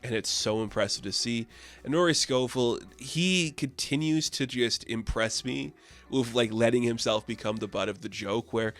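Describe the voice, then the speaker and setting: A man talks through a TV review in a loose, chatty way, leaning on fillers as he thinks aloud. His voice sits at an ordinary middle pitch. Faint music plays quietly underneath. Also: moderate pace. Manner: chatty, many fillers, earnest enthusiasm. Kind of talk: casual spoken review.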